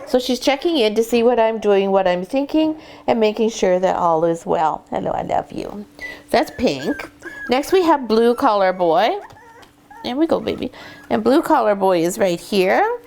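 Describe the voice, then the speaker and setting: A woman breeder sits among a litter of puppies, explaining training steps and then easing into a soft, coaxing voice to settle them. Faint background noise sits under her voice, along with the small sounds of puppies shuffling nearby. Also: on the high side, lively intonation, normal speed. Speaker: dog breeder. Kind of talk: instructional vlog, talking to puppies. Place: sitting in a whelping box with puppies.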